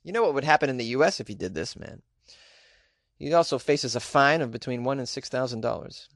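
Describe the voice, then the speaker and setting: A man's voice: mid-range voice, lively intonation, fairly quick, no room sound, studio quality. A man hosting a show, reading odd news stories and adding sarcastic, joking remarks. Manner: sarcastic, joking asides with laughs. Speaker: host.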